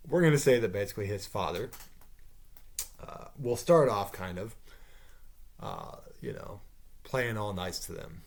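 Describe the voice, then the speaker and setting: Man, low voice, casual rambling vlog pitch, tangents and mild swearing. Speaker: YouTuber pitching a movie idea. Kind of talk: casual off-the-cuff monologue.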